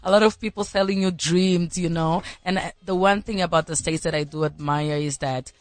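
Angolan-accented actress guest, emphatic and lively, dry close studio sound. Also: female voice, lowish voice, moderate pace, dry recording. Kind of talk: casual studio chat.

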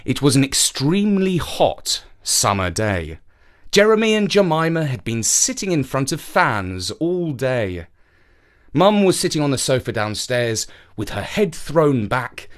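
A man presenting and reading a children's story aloud, animated and acting out the characters. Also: medium pitch, unhurried.

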